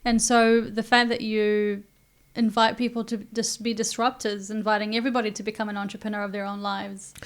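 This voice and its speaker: A woman's voice: medium pitch, flat delivery, a little fast, hardly any pauses. A woman hosting a podcast, speaking in a supportive, reflective way to her guest. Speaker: podcast host. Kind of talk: casual interview chat.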